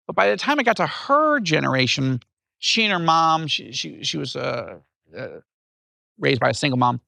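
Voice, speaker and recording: Gravelly, bright-voiced man telling his story. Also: fairly high pitch, normal speed, dry recording, clean studio sound. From upstate New York. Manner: animated storyteller. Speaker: guest author. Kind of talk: personal storytelling in interview.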